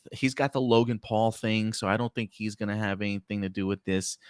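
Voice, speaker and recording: Laid-back low-voiced male host. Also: fairly bright tone, no echo, studio quality. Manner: laid-back, rambling, many fillers. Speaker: podcast host. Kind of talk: casual chat.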